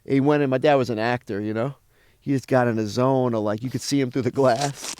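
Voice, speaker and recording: A man's voice: mid-range voice, brisk, clear, resonant tone, no room sound, clean studio sound. A man, a comedian guest telling a profane story in casual chat and acting out what others said. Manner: animated, profane, acts out other people's lines.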